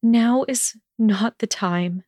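A woman's voice: on the high side, slow, warm tone, dry recording, studio quality, voice pushed up. A woman reading a storybook aloud, voicing a young witch who mumbles and pleads through held-back sobs. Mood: pleading. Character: tearful, fragile young witch.

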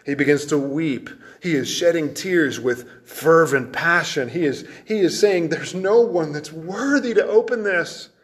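A man preaching an expository sermon, emphatic, repeating phrases, often dropping low and slowing down to stress a point.

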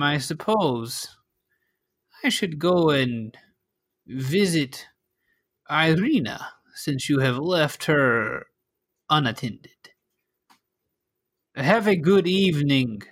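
A man's voice: fairly high pitch, a bit bright, full character voice. A man voicing a haughty aristocratic vampire lord who speaks with mannered contempt, in a tabletop game.

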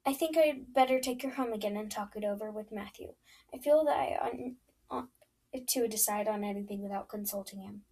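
Reserved spinster, slow and measured, slightly husky, read by a woman. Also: medium pitch, dark tone, far from the mic, lightly acted, low-quality recording.

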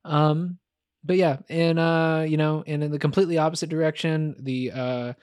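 A man's voice: fairly high pitch, steady tone, normal speed, darkish tone, clean tone, no room sound, clean studio sound. A man co-hosting a podcast, chatting casually and candidly about films, rambling with lots of fillers. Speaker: podcast co-host. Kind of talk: casual film chat.

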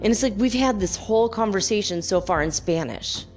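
A woman's voice: mid-range voice, animated, fairly quick, hardly any pauses, darkish tone, soft background music. A woman from California hosting a podcast, rambling casually with many fillers. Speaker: podcast host. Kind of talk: casual spiritual podcast monologue.

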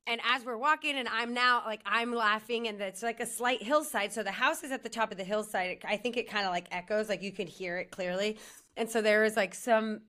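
A woman's voice: on the high side, a little fast, bright, forceful tone. A woman co-hosting a podcast, telling a rambling story in casual chat, saying "like" often and laughing as she goes. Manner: rambling, heavy use of "like", laughs through her story. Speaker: podcast co-host.

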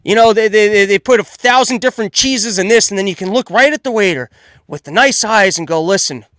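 A man in his thirties hosting a solo podcast, loud and exasperated as he rants in comedic commentary. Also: high-pitched, brisk, dry recording. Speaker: podcast host.

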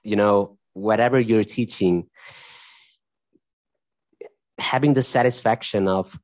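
A low-pitched man talks as a guest on an interview podcast. He is thoughtful and pauses to find his words, and his voice sounds close and dry with no room sound. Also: darkish tone, no room sound. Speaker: podcast guest, tech executive and dance teacher. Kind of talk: casual conversational interview.

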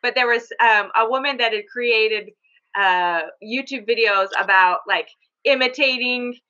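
A woman hosting a podcast in relaxed conversation, speaking slowly with a bright, slightly high voice. She rambles with fillers and the recording sounds dull and lo-fi. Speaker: podcast co-host. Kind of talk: casual chat.

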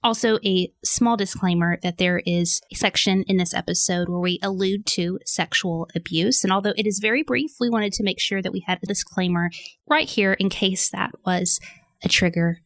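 Chatty Southern woman with a gravelly edge. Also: medium pitch, moderate pace, a bit bright, no room sound. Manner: chatty, enthusiastic, laughs easily. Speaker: podcast co-host. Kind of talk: casual podcast chat.

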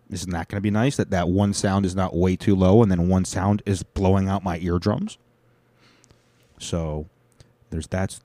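A young man with a low, mellow voice rambles through a loose, swaggering recap of his week, full of profanity and side tangents. The sound is dry and close, with no room around it. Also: dry recording.

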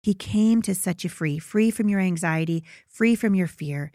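A middle-aged woman hosting a devotional podcast, teaching in an earnest, conversational way and reading scripture slowly. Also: fairly low pitch, mellow, no echo, studio quality. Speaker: podcast host and Bible teacher.

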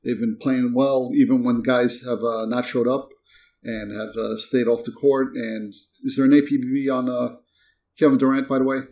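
A man's voice: mid-range voice, level tone, moderate pace, a little mellow. A middle-aged man hosting a casual sports podcast, chatty and blunt, talking straight to the fans with plenty of fillers.

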